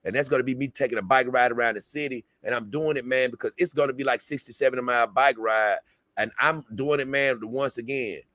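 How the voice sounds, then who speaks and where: In a brisk, mid-range, fairly bright voice, a livestream host gives a loose, rambling farewell, calling his viewers "man" and "baby." The recording is dry and clean, studio quality.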